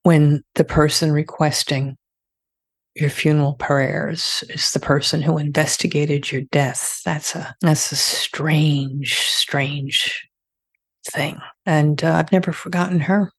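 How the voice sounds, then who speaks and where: A woman's voice: low voice, fairly even intonation, takes it slowly, husky, no echo, clean studio sound. An older woman speaking candidly as an interview guest, telling stories in a conversational way. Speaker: guest, former death investigator. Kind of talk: interview storytelling.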